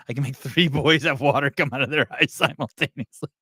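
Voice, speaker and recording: A man's voice: mid-range voice, fast, few pauses, pushed and bright, no room sound. Guy hosting a podcast, crude jokes, laughs a lot, dry close sound. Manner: crude, joking, laughs often. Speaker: podcast host. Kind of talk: casual podcast chat.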